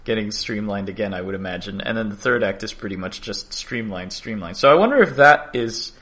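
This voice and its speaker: A man's voice: lowish voice, lively intonation, brisk, fairly bright tone. A man co-hosting a casual podcast, chatting about game design and laughing often. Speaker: podcast co-host.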